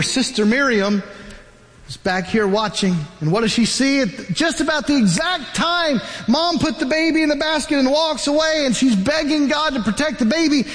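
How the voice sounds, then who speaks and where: A man preaching a sermon, retelling a Bible story as an animated storyteller. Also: very high voice, big-room sound. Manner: animated storyteller, acts out the characters.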